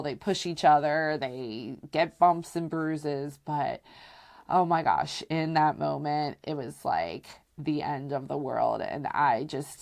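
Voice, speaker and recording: A woman's voice: sits low, vocal fry. A woman hosting a podcast, telling candid personal stories in a chatty way, with lots of "like" and "you know". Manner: relaxed and candid, acts out quoted voices. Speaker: podcast host. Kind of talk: casual personal storytelling.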